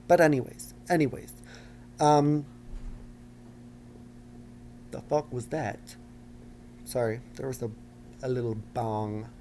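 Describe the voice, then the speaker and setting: Gravelly young man, campy solo podcast. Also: mid-range voice, mellow, a little hiss or hum. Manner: dramatic, campy, self-mocking. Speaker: podcast host. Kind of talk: casual solo podcast chat. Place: home basement.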